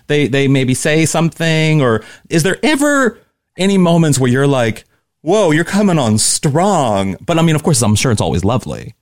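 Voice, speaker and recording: Effusive interviewer, lively pitch, dry sound. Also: male voice, moderate pace, dry recording. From Midwest. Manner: enthusiastic, effusive fan. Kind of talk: casual interview.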